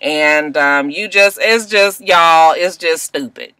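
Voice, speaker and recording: A blunt, sassy woman tears through a TV episode recap with plenty of swearing. Her voice is bright and forceful, and it sits close and dry with no room sound around it. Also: low voice, slow pace, clean tone, no room sound. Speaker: TV episode reviewer. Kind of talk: casual recap commentary.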